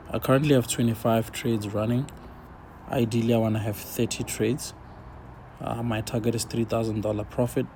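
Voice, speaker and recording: Gravelly, laid-back man talking trades. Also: mid-range voice, warm tone, a little hiss or hum. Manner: laid-back, talks to himself while watching charts. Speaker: forex trader. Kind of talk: casual screen-share trading commentary.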